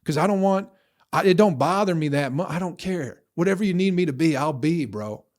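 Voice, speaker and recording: A man's voice: on the high side, lively intonation, brisk, darkish tone. A man hosting his own podcast, ranting alone in a heated, profane way. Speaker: comedian podcast host. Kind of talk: solo podcast rant.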